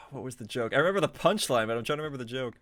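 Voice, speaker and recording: Male game streamer, medium pitch, casual and chatty, quick to laugh and startle. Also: no echo. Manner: chatty, laughs often, excitable reactions. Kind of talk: casual live gameplay commentary.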